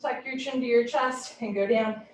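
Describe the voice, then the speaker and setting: A woman teaching a live yoga class from home, giving brisk, clipped posture cues with a light, playful touch. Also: on the high side, fairly even intonation, slight background noise. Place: home room. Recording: roomy echo, heard from a distance.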